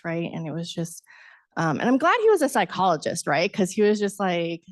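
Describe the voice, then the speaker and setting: A middle-aged woman, a book author, telling a lively personal story at a book talk, laughing often and acting out her younger self. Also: fairly low pitch, fairly quick, no room sound, clean studio sound. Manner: animated, acts out her past self, laughs often, says "right?". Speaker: author guest.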